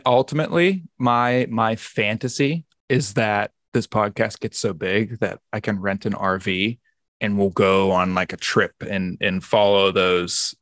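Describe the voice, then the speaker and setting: A man's voice: lowish voice, a bit bright, dry recording, clean studio sound. A man hosting a podcast in casual chat, rambling and often restarting his sentences. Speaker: podcast host.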